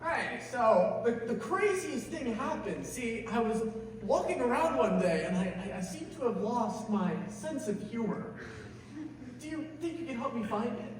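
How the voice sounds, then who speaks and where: A man's voice: very high-pitched, big pitch swings, normal speed. A man performing a playful improv scene on stage. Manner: playful, laughing. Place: theater stage. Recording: echoey hall from far off, noise.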